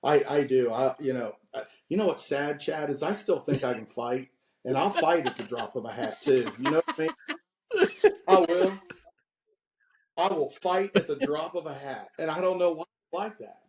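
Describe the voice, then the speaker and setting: Animated man in his fifties, roomy sound. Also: a little high, fairly quick. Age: 50s. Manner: animated storyteller, laughs at his own stories, preachy advice. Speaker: podcast guest. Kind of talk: candid podcast conversation.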